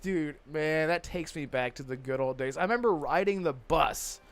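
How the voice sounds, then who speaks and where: A man with a fairly high voice hosts a casual gaming podcast, talking in loose, rambling stretches with plenty of restarts. Faint music runs quietly behind him. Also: normal speed. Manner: rambling, with restarts and chat shout-outs. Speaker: podcast host.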